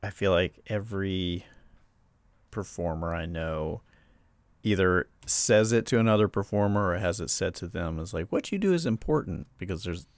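A man's voice: sits low, fairly even intonation, normal speed, no room sound. A man hosting a casual conversation, rambling and leaning heavily on filler words as he asks questions. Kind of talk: casual chat.

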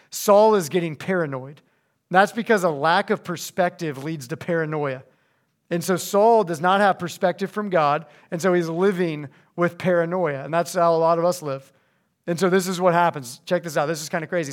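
A young man giving a casual, animated sermon to high school students, slipping into voices as he reads scripture. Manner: animated, conversational, acts out voices when reading scripture. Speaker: youth pastor. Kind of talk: youth sermon.

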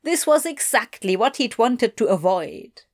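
A woman narrating fiction in an audiobook, reading in a measured, expressive way. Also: a little high.

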